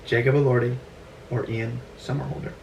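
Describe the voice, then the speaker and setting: A man's voice: medium pitch, fairly even intonation, a little fast, gravelly, a little mellow. A man hosts a loose, joking podcast chat, teasing his guest with crude questions and frequent laughter. His voice sounds distant, as if the mic sits across the room, with a roomy echo and a faint hiss underneath. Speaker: podcast host.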